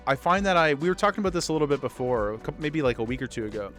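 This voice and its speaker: A man's voice: mid-range voice, very fast, fairly bright tone, soft background music. A man livestreaming a game, chatting casually with his viewers in a rambling way and often restarting his sentences. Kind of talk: casual chat with viewers while gaming.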